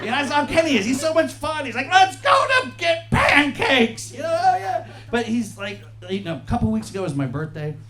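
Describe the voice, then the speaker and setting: A man in his forties performing a stand-up comedy set on a club stage into a handheld mic, profane and animated, often acting out other people's voices. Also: very high voice, fast, few pauses. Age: 40s. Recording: live club set with crowd laughter. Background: audience laughing.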